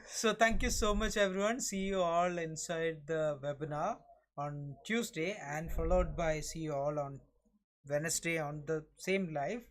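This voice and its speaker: Brisk man hosting a trading stream. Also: fairly high pitch. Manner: brisk, asks questions, repeats himself. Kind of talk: casual chat.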